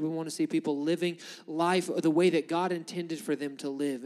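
Male pastor, high tenor, preaching with passion, drops to hushed pleas. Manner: impassioned, swinging from loud preaching to hushed pleading. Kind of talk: sermon. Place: church sanctuary.

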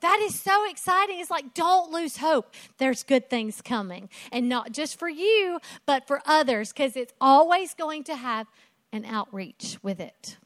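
High-voiced emphatic woman preacher. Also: expressive, unhurried, fairly bright tone, no echo. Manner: emphatic, rhetorical questions, repeating phrases. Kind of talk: sermon.

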